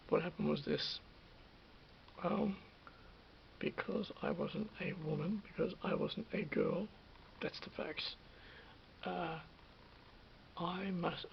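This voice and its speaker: A man's voice: high-pitched, vocal fry, muffled recording, slight background noise. A middle-aged man tells a rambling personal anecdote to camera, hesitant and self-correcting, often sinking to a whisper. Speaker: vlogger.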